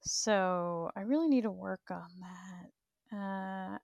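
A woman in her thirties talks on her livestream in a blunt, profane, rambling way. Her voice is gravelly with plenty of fry. She speaks at an unhurried pace, and the sound is close and dry. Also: mid-range voice, darkish tone, no room sound, lo-fi sound. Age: 30s. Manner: blunt and profane, laughs often. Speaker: livestream host. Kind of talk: candid rambling livestream chat.

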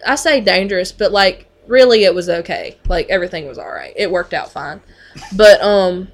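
A woman who works on a mental health unit tells a story in casual conversation, chatty and full of fillers. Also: mid-range voice.

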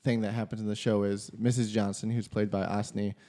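A man's voice: fairly low pitch, little pitch movement, a little fast, mellow. A man co-hosting a podcast, explaining things at length in casual conversation. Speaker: podcast co-host. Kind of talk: casual chat.

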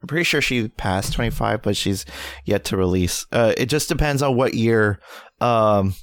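A man's voice: lowish voice, moderate pace, dry recording, studio quality. A man co-hosting a podcast in casual chat, talking keenly in a rambling way with many ums and uhs. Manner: rambling, hesitant with many fillers; enthusiastic. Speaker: podcast co-host.

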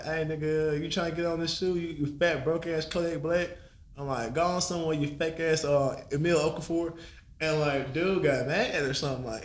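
A man's voice: a little high, a bit bright, echoey room, slight background noise. A man casually telling a story on a podcast, laid-back and slangy, laughing and swearing as he goes. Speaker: podcast guest.

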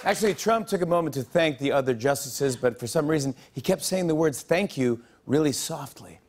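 A man's voice: a little high, lively intonation, brisk. A man hosting a late-night comedy show, delivering a monologue and running a game with audience members, joking and laughing as he goes. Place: TV studio with live audience. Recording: loud studio audience laughter and noise. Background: crowd laughing and cheering.

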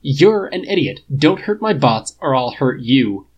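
A man voicing an angry genius inventor who shouts to defend his robots, his voice climbing high. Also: steady tone, slow, breathy edge, muffled recording, exaggerated voice. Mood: furious.

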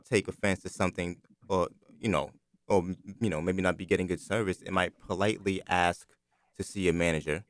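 Very deep-voiced man explaining calmly. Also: dry recording, studio quality. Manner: measured, explanatory, frequent "you know". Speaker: discussion participant. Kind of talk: thoughtful podcast discussion.

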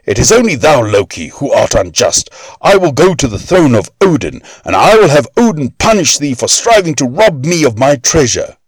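A man voicing an enraged, greedy male dwarf who shouts about his stolen treasure. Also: big pitch swings, moderate pace, breathy edge, dry recording, rough recording. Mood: furious. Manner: shrill shouting outrage.

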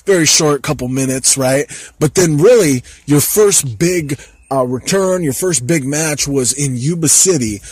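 A man's voice: a little high, a little slow, a little mellow, slightly rough, no room sound. A man hosting a podcast interview, recapping past events and prompting his guest with questions. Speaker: podcast host.

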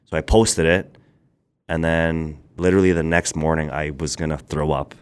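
A man with a low, clean voice tells a rambling story as a guest on a podcast, where he's being interviewed casually as a brand founder. He speaks in quick bursts and does animated voices when quoting others.

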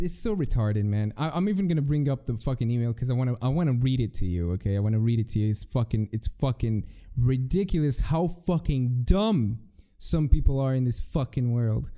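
A man's voice: medium pitch, lively intonation, normal speed, dark tone. A young man hosting a solo podcast, telling rambling, profane stories with many restarts. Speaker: podcast host. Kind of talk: casual solo podcast rant.

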